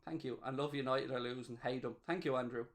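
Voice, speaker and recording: In this live match watchalong, the male host has a medium-pitched voice and a fast delivery. He cheers and gloats excitedly while reading viewers' chat messages out loud.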